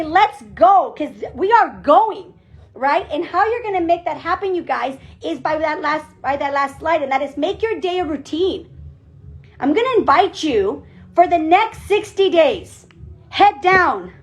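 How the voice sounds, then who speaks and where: Very high-voiced energetic woman coach. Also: muffled recording. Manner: energetic and emphatic, repeats phrases. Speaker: team leader. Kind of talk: motivational pep talk on a group call. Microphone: call audio.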